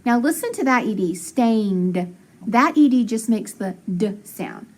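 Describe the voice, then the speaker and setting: A woman's voice: a little high, lively intonation. Encouraging woman teaching phonics. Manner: encouraging, slow sounding-out of words. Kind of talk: phonics lesson.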